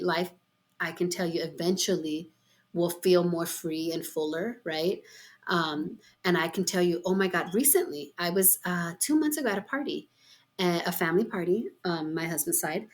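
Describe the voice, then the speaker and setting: A middle-aged woman hosting a podcast, telling a personal story in an expressive, heartfelt, chatty way with frequent exclamations. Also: fairly low pitch. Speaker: podcast host. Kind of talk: heartfelt casual conversation.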